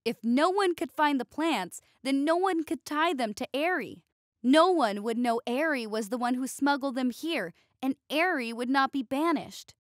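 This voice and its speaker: A woman reading a scripted science fiction story in an even storytelling delivery. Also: sits high, moderate pace, no echo, clean studio sound. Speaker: story narrator. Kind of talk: scripted sci-fi story narration.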